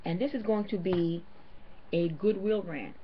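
A woman's voice: lowish voice, unhurried, a little hiss or hum. A woman vlogger, ranting to camera in an indignant, emphatic way and hammering her points home. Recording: dull lo-fi home video audio.

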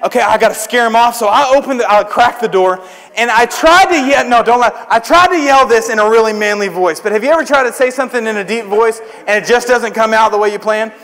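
Very high-pitched and fairly bright, a young man's voice moves briskly through a youth sermon. He is a traveling preacher at a church service with an audience, spinning stories in a joking, self-deprecating, chatty way, recorded with long hall reverb.

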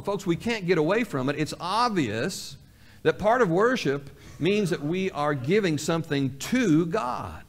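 A man's voice: on the high side, lively intonation, normal speed. A male pastor delivering a sermon in a folksy way, repeating key phrases for emphasis and acting out imagined conversations. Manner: acts out both sides of imagined dialogues. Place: church sanctuary.

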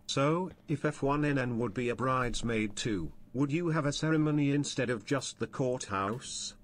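A text-to-speech male voice flatly reading out viewer messages. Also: medium pitch, normal speed. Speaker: donation message reader.

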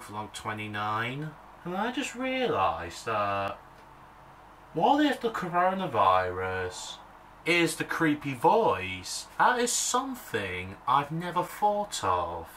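A man vlogging in a casual, rambling way, talking straight to the camera and getting worked up as he walks outdoors near trees. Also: mid-range voice. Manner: rambling, excitable, talks to the camera. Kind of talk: casual vlog chat. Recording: loud outdoor noise behind.

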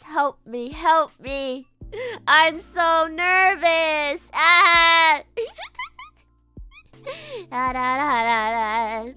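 High, lively, giggly nervous woman. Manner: nervous, giggly and excitable, bursting into squeals; rambling with many fillers and restarts. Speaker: streamer hosting a palm reading stream. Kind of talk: casual livestream chat.

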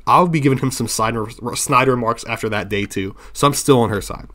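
A man's voice: lowish voice, rapid-fire, hardly any pauses, a bit bright. A man commenting on a game as he plays it, reading the narration aloud and reacting with laughter and slang. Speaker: game streamer. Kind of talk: let's play commentary and reading.

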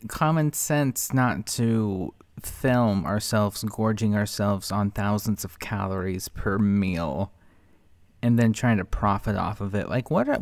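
A man's voice: on the low side, no echo. Sarcastic man hosting a reaction. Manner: sarcastic, blunt, scolding. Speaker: reaction channel host. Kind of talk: reaction commentary.

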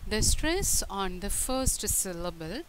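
A woman giving a scripted pronunciation lesson, saying each word slowly and deliberately. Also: mid-range voice, sing-song, a little hiss or hum, rough recording. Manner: slow, deliberate word-by-word delivery. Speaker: pronunciation tutor.

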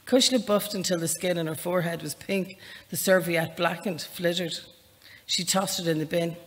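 An Irish woman with a faint northern lilt, speaking as an author at a live library event. She chats in a self-deprecating way, then reads aloud from her novel at an even, measured pace. Her voice trails off into a long hall reverb. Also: lowish voice. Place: public library event space, indoors.

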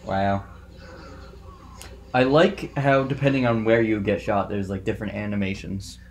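A man with a fairly low voice keeps up a joking, teasing commentary as his friend plays. A faint hiss sits under the recording. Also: fairly even intonation, moderate pace. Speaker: gaming co-host. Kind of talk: casual let's-play banter.

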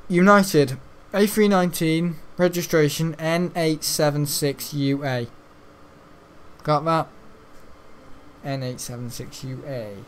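A man's voice: on the high side, fairly even intonation, slow pace, a little hiss or hum. A man rambling chattily as host of gameplay commentary, with casual swearing and restarts. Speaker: gaming channel host.

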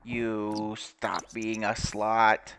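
A man's voice: on the low side, completely flat delivery, drawn-out words, crowd noise. A young man giving casual, crude commentary while playing a game, swearing, laughing and reading game text aloud. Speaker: gaming YouTuber.

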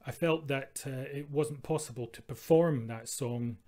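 A Scottish man introducing his next number in a folk set. His patter is dry and wry, full of deadpan asides and a storyteller's timing. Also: mid-range voice, measured pace. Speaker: folk singer. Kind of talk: comic patter between songs.

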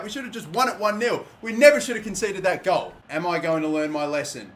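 A young Australian man giving live, excitable commentary on a football video game, swearing often and shouting at big moments. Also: high-pitched, fast, hardly any pauses. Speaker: gaming YouTuber.

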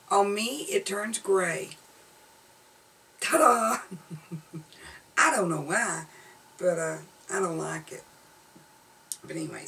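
Southern lady rambling bout makeup, bit of vocal fry, faint hum in the room. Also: on the low side. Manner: chatty, blunt, laughing asides. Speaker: beauty vlogger. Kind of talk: casual product review. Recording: slightly distant camera audio with faint room noise.

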